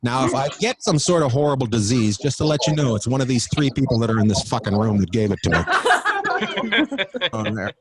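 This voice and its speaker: A man's voice: mid-range voice, brisk, heavy background noise. A man doing crowd-work stand-up from a studio, teasing the audience with loose, profane riffing. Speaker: stand-up comedian. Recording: loud audience laughter throughout.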